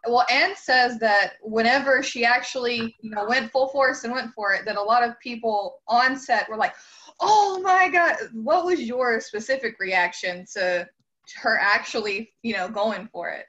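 A woman's voice: on the high side, moderate pace, bright, forceful tone. Woman host asking questions, dull lo-fi sound. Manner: asks long, friendly questions with fillers. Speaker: podcast co-host. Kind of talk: interview questions.

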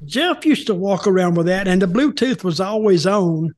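Animated but at an ordinary speed, an older man with a high, darkish voice hosts a casual chat. He rambles through wrestling stories, restarting and repeating words, and recreates what others said in dialogue.

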